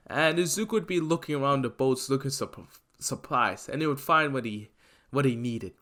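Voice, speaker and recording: A man's voice: medium pitch, moderate pace, fairly bright tone. Rambling male storyteller. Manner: rambling, hesitant with many "uh"s and restarts. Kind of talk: casual fan-story narration.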